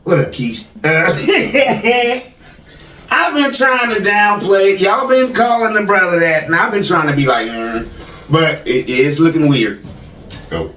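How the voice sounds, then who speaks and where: A man with a high, sharp voice and lively intonation hosts a casual talk show at a measured pace. He greets viewers by name as their comments are read, laughing easily, while a distant mic picks him up in an echoey room.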